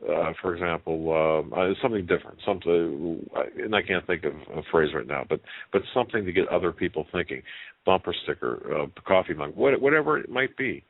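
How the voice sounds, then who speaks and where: Deep-voiced man hosting call-in radio. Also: no echo. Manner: halting, many restarts and fillers. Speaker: radio show host. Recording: tinny phone-line sound, dry.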